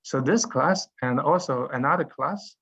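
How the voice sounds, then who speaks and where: A man lecturing a university genetics class, halting with many fillers and restarts. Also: medium pitch, a bit bright, slightly rough. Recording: dull lo-fi lecture recording.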